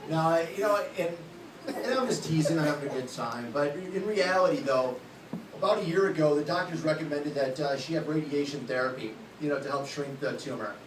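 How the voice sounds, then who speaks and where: Fairly quick and fairly high-pitched, a man in his late thirties jokes crudely and bluntly about himself in a stand-up routine at a comedy club. Loud background noise fills the echoey space, picked up by a far-off mic.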